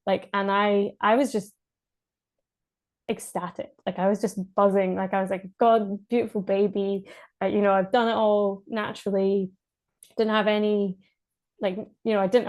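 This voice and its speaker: A woman's voice: mid-range voice, darkish tone. A Scottish woman from Scotland, a podcast guest, telling her birth story in casual speech, hesitant with many fillers and restarts and frequent laughs.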